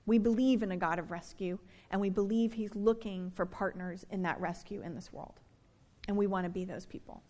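A woman in her thirties, a pastor delivering an earnest sermon and slowing down to stress key words. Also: medium pitch, fairly even intonation, dark tone.

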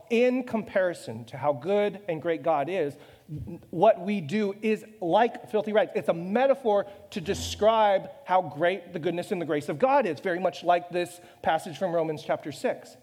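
In a large hall, a pastor with a high voice and darkish tone preaches casually, poking fun at himself and firing off rhetorical questions.

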